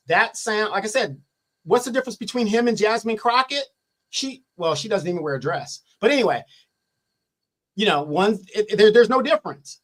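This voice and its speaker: A man's voice: high-pitched, expressive, moderate pace, a bit bright. A man speaking as a guest in a live political discussion, pressing his points with rhetorical questions and frequent restarts.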